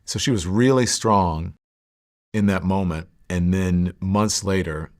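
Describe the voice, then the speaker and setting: A middle-aged man as an interview guest, candidly telling personal stories in a reflective, halting way with many fillers and restarts. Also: low-pitched.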